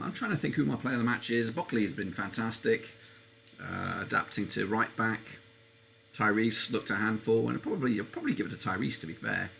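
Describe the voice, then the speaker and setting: A man hosting a live football watchalong stream, chatting casually and getting excitable, his voice leaping up whenever a chance comes. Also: creaky, slight background noise. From England. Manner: excitable, voice leaps up high on chances.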